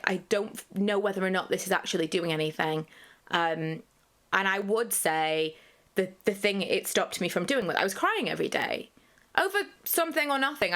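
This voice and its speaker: A woman's voice: fairly low pitch, fairly bright tone. Woman in her thirties, open and rambling personal vlogger. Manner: candid, rambling, frequent fillers. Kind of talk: candid personal vlog talk.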